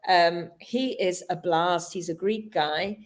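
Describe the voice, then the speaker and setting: A middle-aged British woman, a talk show guest, telling lively stories with frequent laughter. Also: lowish voice, slow pace. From Britain. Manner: expressive storyteller, laughs often. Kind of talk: live-streamed talk show chat.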